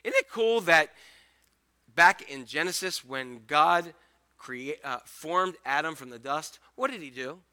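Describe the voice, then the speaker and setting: A male pastor giving a conversational, animated sermon, acting out the scripture scenes as he goes. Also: on the high side, measured pace.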